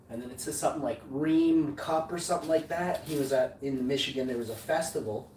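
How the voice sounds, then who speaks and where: A man hosts his own vlog, rambling boastfully in slang and often correcting himself in a casual monologue. His voice is a little high, a little fast and a little mellow, with few pauses. The recording sounds like an echoey room with a distant mic and faint noise.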